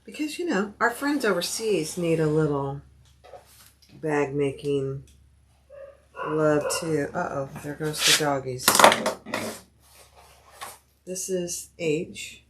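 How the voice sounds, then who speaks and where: A woman's voice: low-pitched, animated, takes it slowly, pauses often, noisy background. A woman hosting a sewing livestream, chatting casually and thinking aloud as she cuts out fabric pieces and greets viewers by name. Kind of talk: casual livestream chat while cutting fabric.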